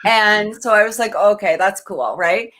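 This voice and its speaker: A woman co-hosting a casual podcast chat tells a story with feeling, jumping back and forth in her sentences. She speaks at a middling pitch, hurries through some phrases and slows down on others. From Canada. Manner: animated, emotional, many restarts and fillers. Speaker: podcast co-host.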